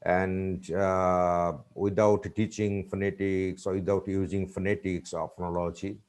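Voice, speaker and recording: Man, lecturer, low voice, deliberate, repeats example words, online lecture. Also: level tone, darkish tone. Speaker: university lecturer. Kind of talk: webinar lecture on pronunciation.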